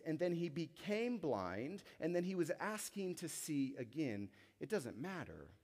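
A young male pastor preaching with a fairly high voice and wide, lively swings of pitch. He acts out the voices in the story, then drops to soft, intense tones. The sound hangs in a big reverberant church hall. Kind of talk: sermon.

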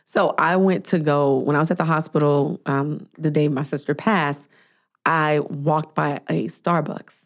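A woman in her thirties hosting a podcast, her voice sitting a little low. She talks in a casual, chatty way and brings her stories to life by playing out what other people said. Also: measured pace. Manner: animated storytelling, acting out quoted people. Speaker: podcast host. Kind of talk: casual chat.

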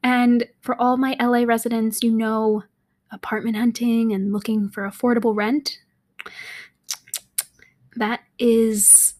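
A woman's voice: a little high, steady tone, slow, long pauses. A young woman hosting a casual solo podcast, chatty and rambling, laughing often and dropping into half-whispers. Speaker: podcast host. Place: apartment in a city.

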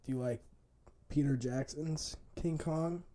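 A man's voice: on the high side, measured pace. A man co-hosting a podcast in casual, crude, jokey chat. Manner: crude, jokey, riffs loudly. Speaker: podcast co-host. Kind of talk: casual chat, mock ad read.

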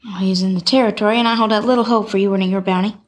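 A woman's voice: mid-range voice, fairly even intonation, rapid-fire, natural voice. An actress playing a stubborn young girl set on justice, speaking bluntly in formal, old-fashioned sentences. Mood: determined. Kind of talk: film dialogue.

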